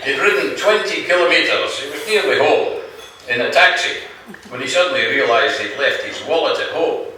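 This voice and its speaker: A man's voice: a little high, lively intonation, normal speed, pushed and bright. A man with a Scottish accent doing a stand-up comedy routine, telling jokes in a dry way with restarts and asides. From Scotland. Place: club function room with audience. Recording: very echoey room, far from the mic, noisy.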